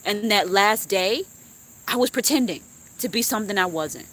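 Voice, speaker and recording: A young woman venting on a live stream in a heartfelt, animated way, with swearing and laughter. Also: medium pitch, brisk. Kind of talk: emotional casual chat.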